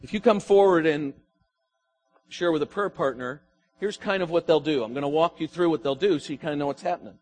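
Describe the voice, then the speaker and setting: A pastor preaches to his congregation in a fairly high male voice. He lets his emphasis rise and sink and tosses questions to the listeners. Faint music plays underneath. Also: fairly quick, a little mellow. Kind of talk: sermon.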